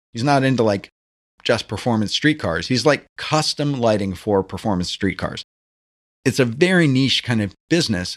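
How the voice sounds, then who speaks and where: A man hosting a solo podcast on branding, talking in a conversational, animated way and firing off rhetorical questions. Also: medium pitch.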